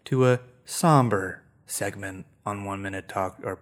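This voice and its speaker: A man's voice: lowish voice, unhurried, over loud music. A man co-hosting a comedy podcast, dropping dry sarcastic remarks. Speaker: podcast co-host. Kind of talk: casual comedy chat.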